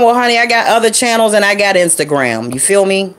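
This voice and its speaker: A woman's voice: mid-range voice, lively intonation, a little fast, few pauses. A woman vlogger chatting loosely and off the cuff to her viewers, calling them y'all. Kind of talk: casual impromptu vlog chat.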